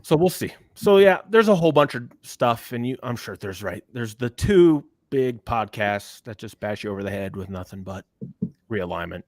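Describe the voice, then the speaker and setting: A man's voice: lowish voice, animated, moderate pace, a little mellow, no echo, clean studio sound. A man co-hosting a sports podcast, chatting casually and giving firm, emphatic opinions. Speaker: podcast co-host.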